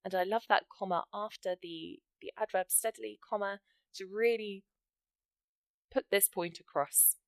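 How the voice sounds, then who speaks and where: Her voice is medium in pitch, steady in tone and a little slow, with no echo. She teaches English writing for an exam, encouraging students as she works through example sentences step by step to explain the grammar.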